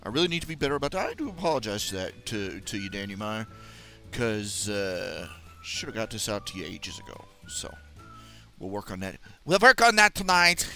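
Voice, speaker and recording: A man hosts a live stream on his own, chatting in a loose, rambling way with goofy mangled grammar. He drifts into low mutters while he tweaks settings. Faint background music plays under his voice. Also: animated, fairly quick, gravelly, a bit bright. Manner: rambling and playful, with silly mock grammar and put-on accents; mumbles to himself while fiddling with settings. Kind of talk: casual solo live stream chat.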